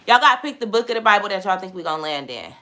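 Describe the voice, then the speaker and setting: A young woman hosting a casual livestream chat, animated and exclamatory, talking straight to her viewers. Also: medium pitch, racing, loud music behind the voice. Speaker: host.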